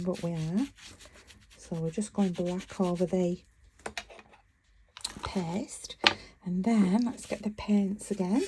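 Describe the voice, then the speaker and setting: A middle-aged craft vlogger from northern England with a Lancashire accent chats casually through a crafting tutorial as she works, interrupting herself along the way. Her voice is fairly low and warm, and the recording is low quality with slight background noise.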